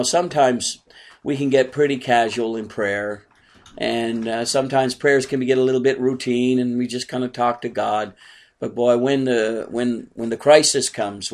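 A man, a pastor, giving a conversational bible study sermon and asking his small congregation questions. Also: medium pitch.

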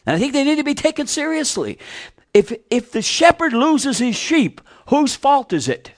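A man's voice: extremely high pitch, sing-song, moderate pace. A man preaching a sermon, asking the congregation questions and repeating key phrases for emphasis. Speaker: pastor.

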